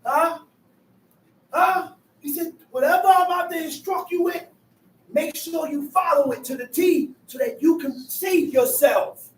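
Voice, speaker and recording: A man preaching from scripture to a group, repeating verses back in a loud, emphatic voice. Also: very high voice, unhurried, reverberant, recorded from a distance, rough recording. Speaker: street preacher teaching from scripture. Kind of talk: call-and-response sermon.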